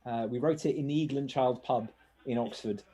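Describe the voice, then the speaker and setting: A man's voice: mid-range voice, mellow. A man co-hosting a live rewatch of his old magic show, reading viewer comments and chatting casually. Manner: quick, reads out viewer comments. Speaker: magician co-host.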